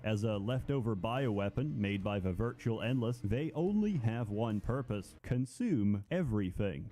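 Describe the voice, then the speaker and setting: A man narrating a scripted, comedic overview of a strategy game in a dry, sardonic deadpan. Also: mid-range voice, slight background noise.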